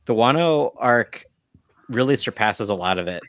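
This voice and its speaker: A man co-hosting a podcast chats casually about anime, rambling and hedging with lots of fillers and restarts. His mid-range voice is animated and a bit bright, at a normal pace, with no room sound.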